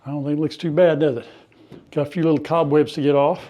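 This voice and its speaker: Folksy older man, warm voice. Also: fairly high pitch, level tone, fast talker, a little hiss or hum. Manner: folksy, chatty, talks to viewers while cleaning out a shed. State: coughing from dust at times. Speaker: farm vlogger. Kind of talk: casual narration while working. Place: old farm outbuilding and yard.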